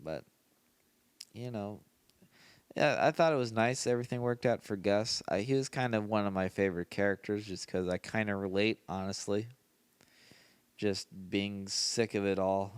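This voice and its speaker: A man's voice: fairly low pitch, normal speed, clean tone, dry recording. A tired man hosting a casual solo podcast late at night, rambling and often laughing to himself. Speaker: podcast host.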